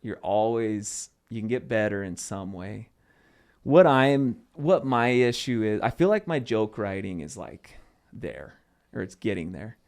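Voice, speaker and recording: A man's voice: fairly low pitch, a little slow. A young man from Arizona, a guest comedian, telling stories in a casual podcast chat with loose fillers. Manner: animated storytelling with loose fillers.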